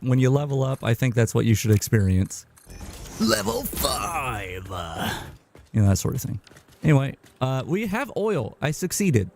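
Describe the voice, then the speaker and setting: A man streaming a game live, chatting casually in a rambling, halting way. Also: lowish voice, mellow, slight background noise. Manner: rambling, halting, with many restarts and fillers.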